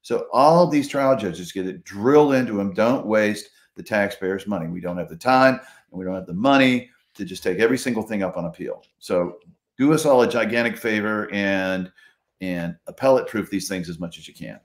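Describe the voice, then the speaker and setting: Animated attorney in an echoey room. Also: male voice, lowish voice, normal speed. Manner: animated storyteller, acts out quotes, laughs often. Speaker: trial attorney, guest. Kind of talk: conversational interview. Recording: roomy echo.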